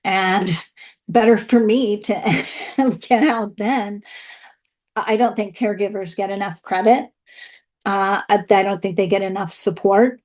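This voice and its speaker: A woman's voice: medium pitch, a little mellow. A woman speaking candidly and emotionally over a video call, telling her own story as a speaker at an online event. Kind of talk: personal testimony.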